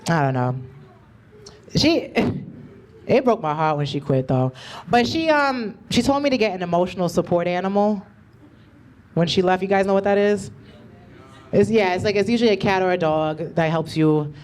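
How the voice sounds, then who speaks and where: A woman's voice: lowish voice, animated, normal speed, long pauses, darkish tone. A woman doing a stand-up comedy set with a loose, slangy, conversational delivery. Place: comedy club stage.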